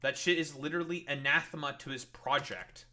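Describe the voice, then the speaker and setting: Male streamer, fairly high and very bright, cutting voice; swears freely, sarcastic and exasperated. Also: steady tone, fairly quick. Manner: profane, sarcastic, exasperated ranting. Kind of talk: heated livestream rant at chat.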